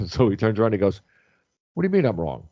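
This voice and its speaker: Loud, animated storytelling man. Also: on the low side, quick pace, no room sound, muffled recording. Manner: loud, animated storyteller who acts out quotes. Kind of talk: casual radio chat.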